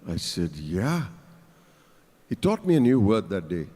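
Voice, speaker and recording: In a reverberant conference hall, a keynote speaker on the large stage jokingly teases his audience. His voice is fairly low, mellow and sing-song, moving a little fast.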